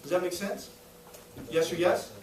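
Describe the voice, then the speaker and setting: A man's voice: sits high, fairly even intonation, unhurried, crowd noise. A man giving a live sales training talk to a small audience in a room, upbeat and coaching, often checking if the room is following. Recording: echoey room, voice a little far.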